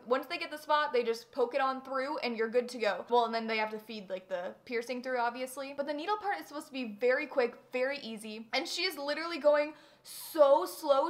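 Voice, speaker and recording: A young woman with a high voice tells a storytime vlog. She is animated and dramatic, piling on fillers as she goes. Her delivery is casual and chatty. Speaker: vlogger.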